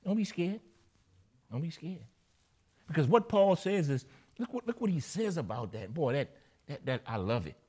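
A man's voice: fairly high pitch, lively intonation, brisk, a little mellow, slightly rough. A man preaching a sermon, repeating phrases and checking in with his listeners. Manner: emphatic, repeats phrases and asks the listeners "right?".

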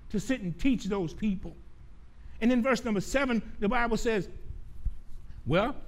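A male preacher with a notably high voice delivers a sermon. He leans on rhetorical questions and repetition, drawing out key phrases slowly and letting them fall quiet. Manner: slows down and drops soft on key phrases.

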